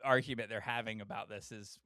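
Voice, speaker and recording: A man's voice: fairly low pitch, fairly even intonation, a little fast, bright, forceful tone, no echo, clean studio sound. A man co-hosting a casual podcast, laughing easily and swearing as he swaps stories. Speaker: podcast co-host. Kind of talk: casual chat.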